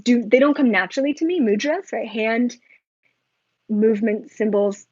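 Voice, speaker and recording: A woman talking casually to her viewers as a spiritual vlogger, rambling and excitable, full of filler likes and asides. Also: fairly high pitch, normal speed, no echo, highs cut off.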